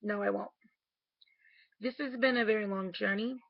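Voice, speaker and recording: A woman's voice: mid-range voice, steady tone, normal speed, vocal fry, no echo, lo-fi sound. A woman talking in a casual video diary at home late at night, candid and emotional, swearing casually. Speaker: vlogger.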